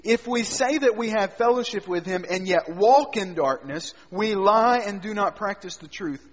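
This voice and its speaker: A man preaching a sermon, swinging between loud emphatic lines and quiet low asides. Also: normal speed. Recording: dull sound with long hall reverb.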